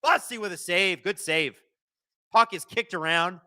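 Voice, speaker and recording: A young man hosting a live watch-along of a hockey game, calling the plays fast and shouting at the referees. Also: high voice, clean tone, dry recording, studio quality. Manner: excitable, shouts and swears at the referees.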